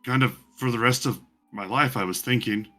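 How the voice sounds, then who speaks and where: A man's voice: mid-range voice, normal speed, bright, forceful tone, soft background music, natural voice. A man voicing a retired old war veteran who is a doting husband, telling stories in a folksy, wistful way. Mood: sheepish.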